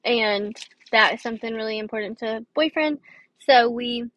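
A woman's voice: a little high, moderate pace, fairly bright tone, dry recording, lo-fi sound. A young woman hosting a casual advice podcast, rambling and tired with a dry throat. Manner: chatty, rambling, with fillers and restarts. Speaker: podcast host.

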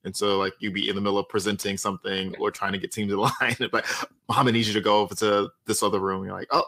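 A man with a bright, forceful tone joins a casual podcast chat. He retells a workplace story wryly, acting out what people said. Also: on the low side, fast. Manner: wry, animated retelling with acted-out quotes.

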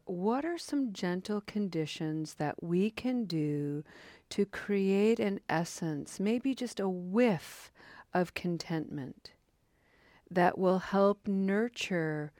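A woman giving a gentle, contemplative dharma talk that leads into a guided meditation. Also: fairly low pitch, no room sound, studio quality. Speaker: meditation teacher.

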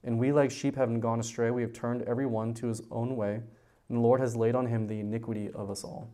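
Guy youth pastor preaching verse by verse, gets loud and high then drops way low, stumbles on repeated words. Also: fast talker. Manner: animated, rises in pitch and volume for emphasis, drops low on key points; repeats words when starting sentences. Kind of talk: verse-by-verse sermon.

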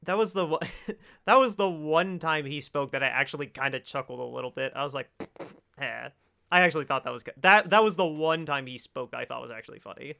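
A man in casual conversation about a film, enthusiastic and quick to laugh, with frequent exclamations. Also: fairly high pitch, expressive, gravelly, bright, forceful tone. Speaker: podcast co-host.

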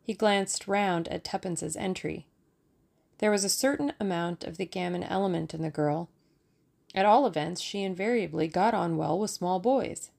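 A woman narrating a novel as an audiobook, in a measured and expressive storytelling manner. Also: fairly low pitch, vocal fry.

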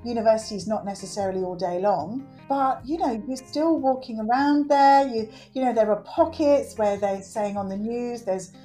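A middle-aged woman who works with children is a guest in a conversational interview, speaking earnestly and animatedly and acting out quotes. Her voice is a little high, her pace moderate with few pauses, and faint music plays behind her.

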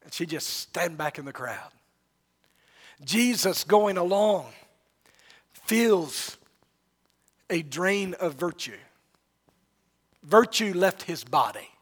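A male preacher with a very high voice delivers a slow, dramatic sermon. He swings between loud proclamation and near-hushed asides. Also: animated, husky. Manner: dramatic storytelling, rising and falling in volume.

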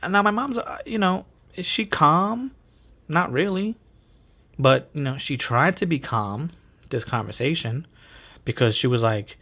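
A man's voice: on the high side, expressive, a little slow, pushed and bright. Slangy, profane man telling stories. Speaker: podcast host. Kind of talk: casual storytelling.

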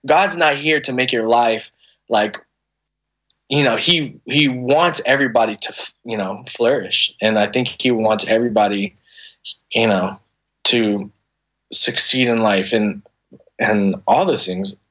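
A man's voice: medium pitch, a little slow, a bit bright. A man in his thirties, a podcast guest, telling an emotional personal story in a candid, conversational way, earnest and full of restarts and fillers.

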